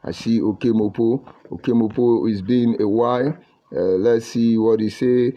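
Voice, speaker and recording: A middle-aged Nigerian man who speaks English with a Pidgin accent and hosts a live broadcast. His voice sits at an ordinary, mid-range pitch for a man. He reads viewer comments aloud and answers them in a combative, mocking, preachy way. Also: fairly even intonation, normal speed, dark tone, lo-fi sound. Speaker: livestream commentator.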